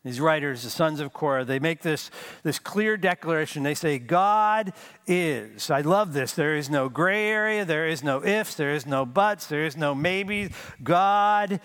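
A man preaching a sermon as pastor, emphatic, repeating key phrases and slowing down to stress them. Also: fairly high pitch, animated, fairly bright tone, smooth.

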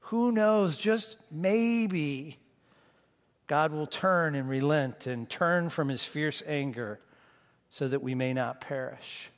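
A man preaching a sermon as pastor, moving between emphatic bursts and hushed, slow lines. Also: on the high side. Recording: long reverb of a church hall.

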